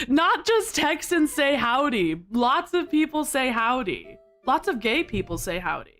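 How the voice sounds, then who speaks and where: A woman's voice: high-pitched, big pitch swings, measured pace, a bit bright, soft background music. A woman streamer chatting with her viewers live, bubbly and giggly, laughing often.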